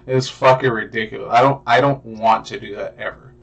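Gravelly-voiced man in casual podcast chat. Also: medium pitch, steady tone, a little fast. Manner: rambling, profane, lots of fillers. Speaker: podcast co-host.

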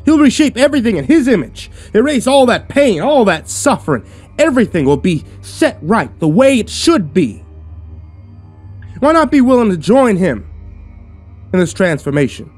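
A man voicing a sinister, persuasive male cult reverend who preaches in a booming, grandiose, taunting way, in a horror story reading. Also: big pitch swings, moderate pace, a little mellow, soft background music. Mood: preaching.

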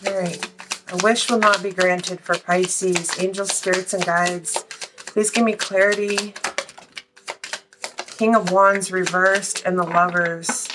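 A woman's voice: lowish voice, steady tone, slow pace, background noise. A woman doing a casual tarot reading, chatty and blunt, swearing freely and a little out of breath. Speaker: tarot reader.

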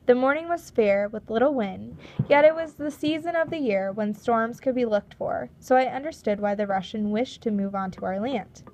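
A woman reading a storybook chapter aloud in a measured, steady narration. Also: a little high, a little hiss or hum. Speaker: audiobook reader.

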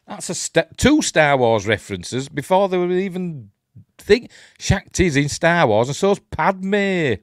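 A man's voice: a little high, lively intonation, a little slow, no room sound, studio quality. A man with a Yorkshire accent, hosting a casual live watch-along and chatting in a rambling way while he reads on-screen text aloud. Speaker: host.

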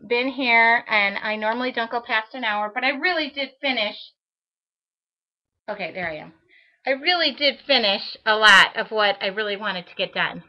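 A woman demonstrating a mixed-media art piece on a live stream, talking to herself and her viewers as she works in a home studio. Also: a little high. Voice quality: chatty, self-talking. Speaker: art instructor. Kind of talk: live-streamed craft demo chat. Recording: lo-fi webcam stream audio.

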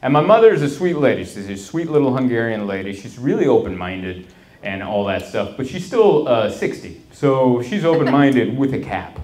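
A man's voice: mid-range voice, sing-song, normal speed. A man doing a stand-up comedy set in a small venue, rambling and interrupting himself, laughing at his own jokes as the audience talks back. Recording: live room with loud crowd. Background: audience laughing and talking back.

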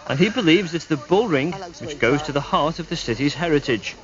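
A man reporting and narrating a television news special in a measured, scripted way. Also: fairly high pitch, a crowd in the background. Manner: measured, even reporting delivery. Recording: dull late-1990s TV broadcast audio.

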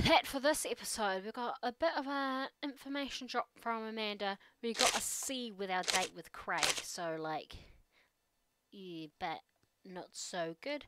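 A woman hosting a game playthrough, wrapping up with relaxed, casual commentary. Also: medium pitch, unhurried, a little hiss or hum. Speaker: let's play host.

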